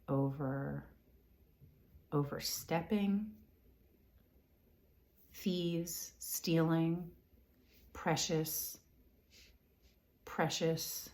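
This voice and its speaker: A woman with a notably low voice gives a spiritual reading at an unhurried pace. She relays what she senses in halting, repeated words, murmuring her own questions under her breath between them. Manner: halting and repetitive, often softly whispering questions to herself; frequent fillers and throat-clearing. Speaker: intuitive reader.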